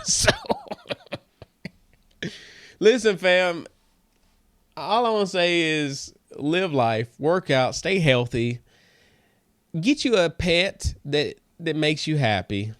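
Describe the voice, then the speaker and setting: A man hosting a comedy podcast, rambling and joking in a casual monologue that drifts into soft mutters. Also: fairly high pitch, very animated, takes it slowly, long pauses, no echo, clean studio sound. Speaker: podcast host.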